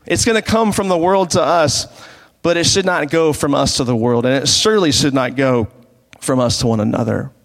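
A man delivers a sermon as a pastor, his voice sitting a little higher than most men's. He preaches conversationally and leans on rhetorical questions. His words ring out with a long reverb. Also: moderate pace.

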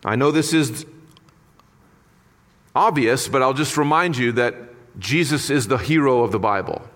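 A man's voice: medium pitch, measured pace, a bit bright. Man preaching in a reverberant hall. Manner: earnest, conversational preaching with asides. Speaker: pastor. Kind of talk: sermon.

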